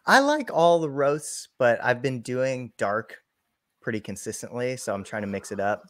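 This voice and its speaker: A man's voice: medium pitch, expressive, moderate pace, no echo, clean studio sound. A man co-hosting a podcast who chats casually, jokes and laughs often. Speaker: podcast co-host. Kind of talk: casual chat.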